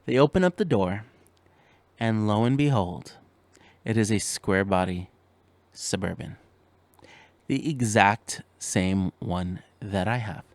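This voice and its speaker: A man hosting a podcast, telling a story in a casual way, animated, with stammering restarts and a voice that jumps up when he gets exasperated. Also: on the low side, takes it slowly, pauses often, no room sound. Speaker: podcast host.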